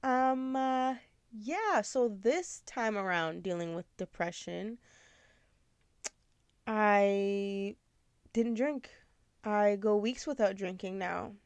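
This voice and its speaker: A woman's voice: medium pitch, slow pace, long pauses, clear, resonant tone, no echo. A woman in her twenties hosting a podcast, talking candidly and rambling with lots of fillers. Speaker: podcast host. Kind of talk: casual confessional chat.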